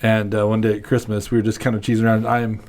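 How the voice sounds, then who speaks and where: A man's voice: fairly low pitch, monotone, rapid-fire, a little mellow. Laid back podcast host guy, casual banter, chuckles a lot. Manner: easygoing, laughs often. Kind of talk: casual chat.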